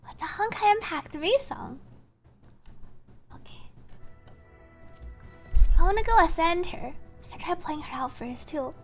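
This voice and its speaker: A woman streamer giving casual gameplay commentary, thinking aloud and breaking into excited, giggly reactions. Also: extremely high pitch, measured pace, long pauses, soft background music.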